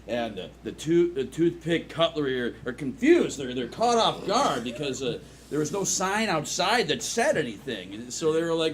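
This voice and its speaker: A man's voice: a little high, animated, moderate pace, few pauses, a little hiss or hum. A man performing improv on stage, telling a rambling made-up joke with stammers. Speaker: improv comedian. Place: comedy club stage.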